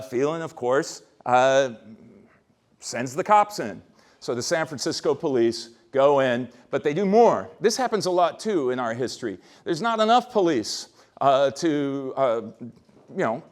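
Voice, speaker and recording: Chatty man lecturing on history. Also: a little high. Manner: rambling and conversational, many restarts, asks "right?". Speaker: history professor leading a workshop. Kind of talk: informal lecture.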